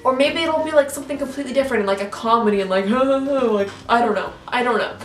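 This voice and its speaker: Recorded from a distance in an echoey room with faint background music, a young woman YouTuber talks fast in a voice on the high side. She's off-mic, rambling through a casual reaction rant packed with "like," fillers, and restarts.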